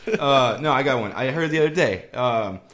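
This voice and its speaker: Laughing man with a lively voice. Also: medium pitch, moderate pace. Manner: laughs a lot, tells jokes, swears. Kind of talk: casual chat.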